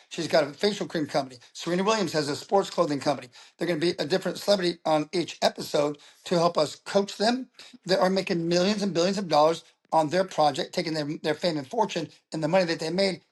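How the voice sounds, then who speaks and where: A middle-aged man, a business coach being interviewed, telling stories in an animated way with many stammered restarts. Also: high voice. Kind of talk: casual interview talk.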